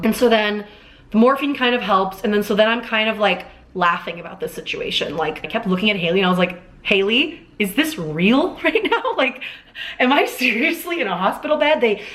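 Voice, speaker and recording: A woman's voice: mid-range voice, fairly bright tone. A woman in her twenties telling a personal story to camera as a vlogger, rambling with lots of fillers and restarts. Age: 20s. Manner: rambling, filler-heavy, self-dramatizing. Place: Los Angeles.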